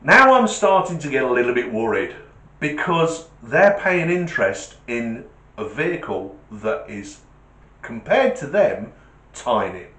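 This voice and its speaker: A middle-aged man telling a comic anecdote in an animated, self-mocking way. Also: medium pitch, measured pace. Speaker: storyteller, test driver. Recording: roomy echo.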